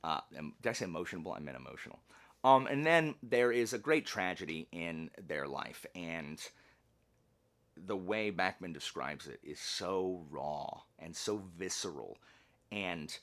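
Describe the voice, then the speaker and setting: Deep-voiced man rambling earnestly. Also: lively intonation, measured pace, fairly bright tone. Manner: earnest, rambling, with many restarts and fillers. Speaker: book reviewer. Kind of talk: casual book review vlog.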